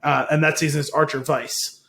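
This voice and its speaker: Higher-pitched man telling a story. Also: flat delivery, fairly quick, gravelly, fairly bright tone. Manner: rambling retelling with frequent laughs. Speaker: podcast co-host. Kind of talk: casual chat.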